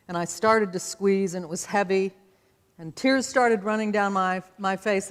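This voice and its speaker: An older woman in her seventies tells her life story with a folksy, easygoing humor. Her medium-pitched voice rings out with the long reverb of a big auditorium. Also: fairly even intonation, normal speed. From American West, Utah. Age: 70s. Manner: folksy, conversational, with self-deprecating humor. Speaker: speaker. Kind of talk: personal storytelling talk. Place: stage in a large auditorium.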